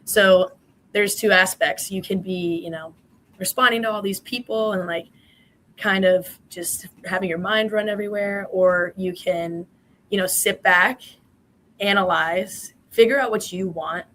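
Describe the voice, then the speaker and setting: A woman's voice: mid-range voice, steady tone, unhurried, fairly bright tone, low-quality recording. A woman in her twenties, a former college swimmer, answering interview questions in a chatty way with many fillers.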